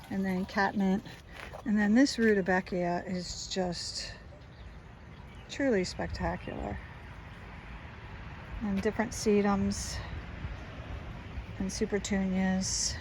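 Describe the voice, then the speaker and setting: A woman's voice: medium pitch, darkish tone, a little hiss or hum, low-quality recording. A woman with a South Jersey accent giving a casual walking tour of her suburban garden, chatty and enthusiastic as she points things out.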